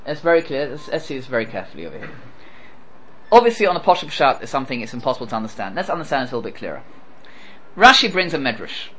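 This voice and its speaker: A man's voice: mid-range voice, big pitch swings, rapid-fire, pushed and bright, a little hiss or hum, rough recording. A man teaching a scripture class who asks rhetorical questions and quotes Hebrew verses before translating them. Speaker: Torah teacher. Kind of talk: lecture on scripture.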